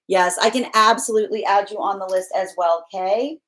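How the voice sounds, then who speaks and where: A woman's voice: medium pitch, steady tone, normal speed, a bit bright. A young adult woman hosting a tarot livestream, chatting casually with viewers and laughing often, with many restarts. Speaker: tarot reader and livestream host.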